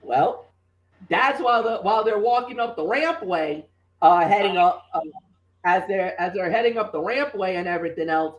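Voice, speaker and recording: A man hosting a podcast, recapping a wrestling show in a lively storytelling manner and acting out his own commentary calls. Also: high voice, normal speed. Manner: animated storytelling, reenacts commentary. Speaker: podcast host. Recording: roomy, distant from the mic.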